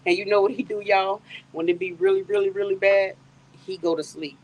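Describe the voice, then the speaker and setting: A woman's voice: medium pitch, expressive, brisk, darkish tone, low-quality recording. A middle-aged woman hosting a casual outdoor live stream on her phone, chatting to viewers and laughing often. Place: outdoors in a yard. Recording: faint outdoor noise with crickets.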